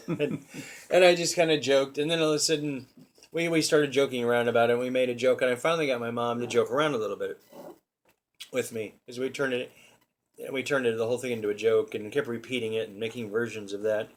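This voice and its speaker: A man's voice: medium pitch, fairly even intonation, quick pace. A man hosting a casual comedy show, telling stories in a rambling way with restarts and frequent laughter. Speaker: comedy podcast host.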